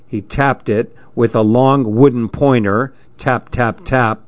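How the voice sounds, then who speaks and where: A man reads a story aloud in the first person with a deadpan, even telling. His pace is slow and unhurried at a mid pitch. The audio is dull and lo-fi. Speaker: narrator. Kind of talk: scripted storybook narration.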